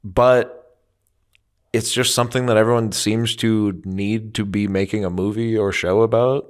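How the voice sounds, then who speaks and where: Wry low-voiced Midwestern man. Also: fairly even intonation, clean tone. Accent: American Midwest. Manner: wry, quick asides, sarcastic rants. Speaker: podcast co-host. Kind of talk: casual comedic chat.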